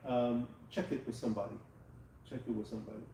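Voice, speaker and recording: A man's voice: mid-range voice, fairly even intonation, quick pace, warm tone, a little hiss or hum. A man teaching a live class, patiently checking that students follow. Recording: echoey room, mic far off.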